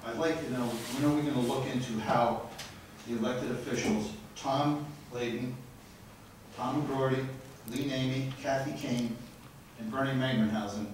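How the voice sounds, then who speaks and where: A man's voice: medium pitch, steady tone, normal speed, a little hiss or hum. A frustrated man giving a blunt, rambling public comment at a city council meeting. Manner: frustrated, grows loud and accusatory. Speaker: resident speaking at public comment. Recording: very echoey council chamber from far off.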